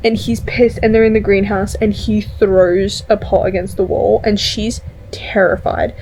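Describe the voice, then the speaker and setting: A young woman talking to her camera at home in a casual reading vlog, excitable and gushing, swearing casually. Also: medium pitch, measured pace, slight background noise, low-quality recording. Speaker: book vlogger. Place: at home indoors. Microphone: camera mic.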